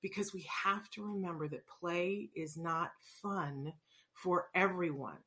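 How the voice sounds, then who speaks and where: In a lowish voice and a slightly slow pace, a middle-aged autism parent educator tells casual stories about play and children on the spectrum. She's animated, putting on voices in her anecdotes.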